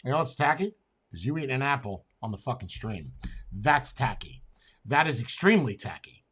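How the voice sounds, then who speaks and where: An American man streaming, reacting to a clip with profane, mocking rants that flare into shouting. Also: mid-range voice, big pitch swings, moderate pace, breathy edge. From United States. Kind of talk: heated reaction commentary.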